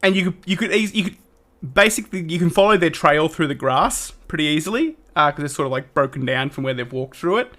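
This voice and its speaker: A man's voice: a little high, expressive, fast talker, pushed and bright. A man narrating a tabletop horror game as game master, rambling with lots of restarts. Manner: rambling, with many fillers and restarts.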